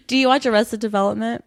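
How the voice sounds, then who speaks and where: A woman co-hosting a podcast in casual chat, sick and sounding nasal, chatty and quick to laugh. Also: a little high, no echo. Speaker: podcast co-host.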